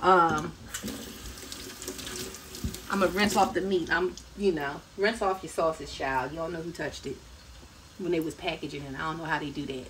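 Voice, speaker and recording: A woman's voice: sits low, fairly even intonation, normal speed, pauses often, a bit bright. A woman hosting a casual cooking live stream from her home kitchen, chatting and laughing with her viewers as she cooks. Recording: live-stream audio from a distance, noisy.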